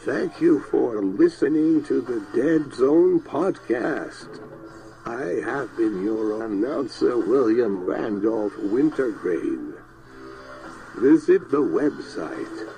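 A man's voice: medium pitch, animated, warm tone, faint music behind, rough recording. A man announcing a podcast's closing credits in a formal old-time radio style. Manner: measured, formal. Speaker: show announcer.

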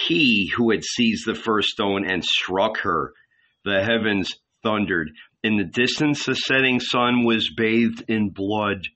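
Male audiobook narrator, slow measured and bright-toned, dull lo-fi recording. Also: fairly low pitch.

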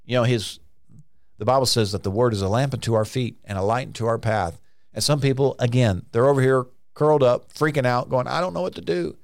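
A man preaching a conversational sermon, now and then acting out frantic voices in sudden high bursts. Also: fairly quick, dry recording, clean studio sound.

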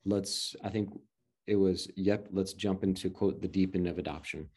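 A man's voice: low-pitched, fairly even intonation, moderate pace, a little mellow. A man in his thirties telling a personal story in casual chat, rambling with restarts and acted-out quotes. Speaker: guest adoptive father.

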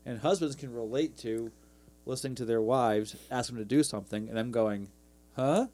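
Dad-aged guy on a podcast, mellow low tone, earnest and reflective. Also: steady tone, brisk. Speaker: podcast co-host. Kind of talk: casual chat.

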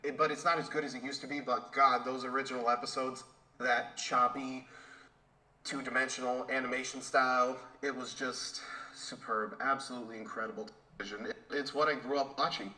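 A man's voice: medium pitch, level tone, brisk, bright, forceful tone, low-quality recording. A man co-hosting a podcast, ranting in an enthusiastic, swearing way and tripping over repeated words. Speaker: podcast co-host. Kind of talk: casual podcast rant.

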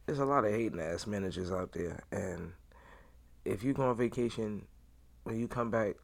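A man's voice: fairly low pitch, normal speed, gravelly. A man hosting a podcast, talking through a rambling, blunt, slangy casual monologue. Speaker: podcast host.

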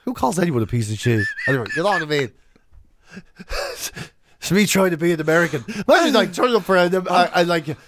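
An Irish man co-hosting a casual podcast chat, talking quick and jokey into a studio mic. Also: a little high, animated, fairly bright tone. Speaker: radio and podcast co-host.

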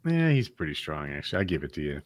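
A man's voice: rumbling low, big pitch swings, fast talker, no room sound. A man in a casual podcast chat, making wry, self-mocking jokes.

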